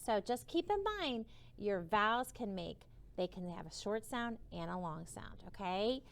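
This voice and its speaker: Slow gravelly kindergarten teacher woman. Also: medium pitch, expressive. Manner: slow, sounding out letters, gentle and encouraging. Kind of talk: phonics lesson for children.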